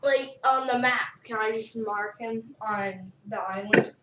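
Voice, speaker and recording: Woman player far off the mic, roomy echo, bit of hiss, higher voice. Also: a little slow. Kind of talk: casual tabletop play. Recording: echoey room, far from mic.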